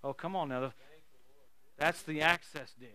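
A man preaching a sermon, telling stories in an animated, folksy way and laughing often. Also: on the high side, normal speed, smooth. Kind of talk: sermon with storytelling.

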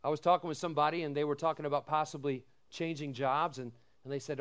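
Man preaching, middle-aged, high voice, smooth clear tone, folksy storytelling, asks "amen?". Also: steady tone, fast, few pauses. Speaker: pastor. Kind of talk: sermon.

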